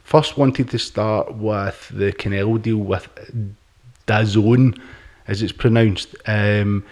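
A man's voice: on the low side, fairly even intonation, unhurried. A British man co-hosting a casual podcast, rambling, repeating words and swearing freely. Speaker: podcast co-host.

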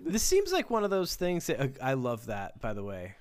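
A man's voice: medium pitch, huge pitch swings, moderate pace, clean tone. Easygoing man with dry humour. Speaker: podcast co-host reading a book aloud. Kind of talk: casual chat and read-aloud.

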